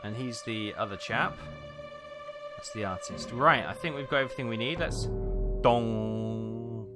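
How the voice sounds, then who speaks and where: A man's voice: mid-range voice, a little slow. A man giving casual let's-play commentary, chatty and thinking aloud. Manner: chatty, muttering to himself as he thinks. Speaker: gaming video host. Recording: game music playing underneath.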